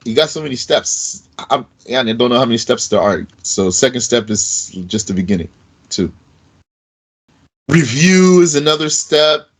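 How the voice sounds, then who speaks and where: A man teaching an Arabic grammar lesson in a casual way, slowly repeating verb forms aloud with fillers like "you know". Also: medium pitch, animated, poor audio. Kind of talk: recorded lesson.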